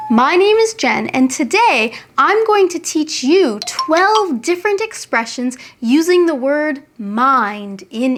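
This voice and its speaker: A young adult woman, an English teacher, giving a scripted lesson and saying each example phrase slowly and clearly. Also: high-pitched, slight background noise.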